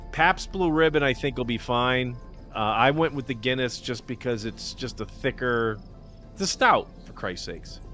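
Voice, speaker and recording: A man's voice: medium pitch, a bit bright. Rambling, joking male livestream host. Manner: rambling, joking and self-deprecating, with casual swearing. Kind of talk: casual cooking-show chat.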